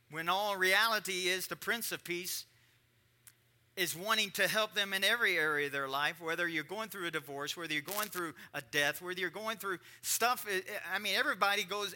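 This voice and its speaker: A man preaching a conversational sermon, repeating lines and swinging between quiet and emphatic delivery. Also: sits high. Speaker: pastor.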